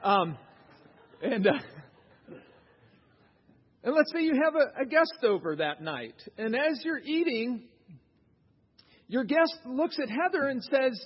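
A man's voice: very high voice, animated, takes it slowly, pauses often, husky. A man preaching a sermon in a church, talking conversationally and putting questions to the congregation. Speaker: pastor. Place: church sanctuary. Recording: dull reverberant church recording.

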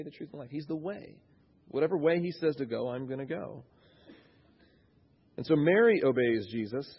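Husky guy in his 30s preaching, chatty and restarting a lot, kinda dull lo-fi sound. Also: medium pitch. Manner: conversational, thinking aloud with many restarts. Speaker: pastor. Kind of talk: sermon.

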